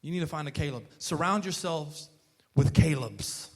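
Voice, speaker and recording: High-voiced man preaching casually. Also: animated, moderate pace, darkish tone. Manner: earnest, peppers talk with "man" and "right?", frequent restarts. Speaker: pastor. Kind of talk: casual conversational sermon.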